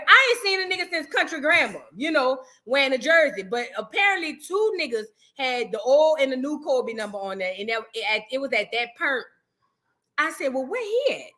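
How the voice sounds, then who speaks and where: Bright, high-pitched sassy woman host. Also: big pitch swings, moderate pace. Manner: sassy, rambling, slangy, shouts out viewers by name. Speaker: host of a reaction livestream. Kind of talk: casual livestream commentary reading chat.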